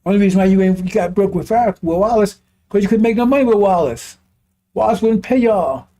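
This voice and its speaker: A man delivers a sermon on scripture in an impassioned, colloquial way. His voice sits high for a man yet has a dark, mellow tone. He mixes mocking asides in with the verses he reads. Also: fast. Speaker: preacher.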